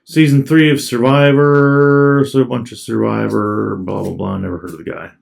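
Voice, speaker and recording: A card collector chats casually while tearing into trading card packs, naming each card as he goes in a laid-back manner. He's a man with a medium pitch, fairly even intonation, vocal fry, and a normal speaking speed.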